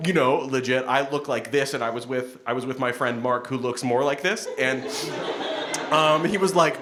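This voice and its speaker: A man's voice: medium pitch, normal speed, noisy background. A male poet reading his spoken word poems live, with rambling, self-deprecating, laughing asides between them. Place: event hall with audience. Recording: echoey hall.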